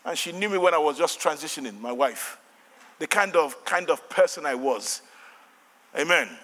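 Older nigerian pastor preaching hard, voice leaps all over the place, long echo from the church hall. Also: male voice, a little high, animated, moderate pace. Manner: fervent preaching with shouted refrains and call-and-response. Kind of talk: sermon.

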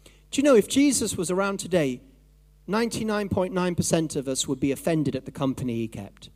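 A man preaching a sermon in a lively, conversational way, acting out his own thoughts and voices. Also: high voice, a little fast. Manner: animated, conversational, acts out inner voices.

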